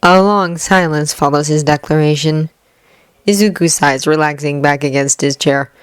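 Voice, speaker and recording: A woman's voice: low voice, moderate pace, clean tone, dry recording. A woman reading fanfiction aloud as narrator, telling the story expressively.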